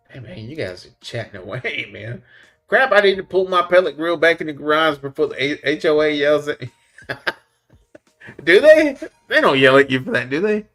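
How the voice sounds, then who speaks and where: A man with a fairly high, bright voice and lively intonation hosts a casual livestream, reading the chat in a laid-back way at a moderate pace. He chuckles often and calls people "man" and "buddy," with soft music playing in the background.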